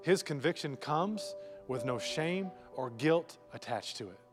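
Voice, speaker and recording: A man's voice: a little high, expressive, a little slow, music in the background. A male pastor preaching a live sermon in church, joking and asking the congregation rhetorical questions. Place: church sanctuary before a congregation.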